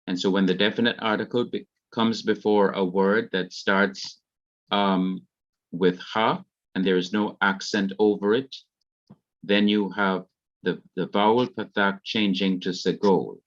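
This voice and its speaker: A man's voice: low-pitched, fairly even intonation, measured pace, muffled recording. A man with a Jamaican accent, carefully explaining grammar rules in an online revision lesson. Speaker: Hebrew teacher.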